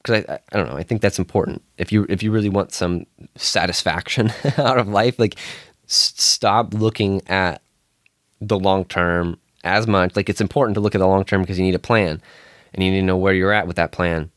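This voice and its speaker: Young male podcast host, lowish voice, dry close sound, loose rambling monologue. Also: brisk, dry recording. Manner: rambling, self-interrupting, chuckles often. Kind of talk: casual solo podcast monologue.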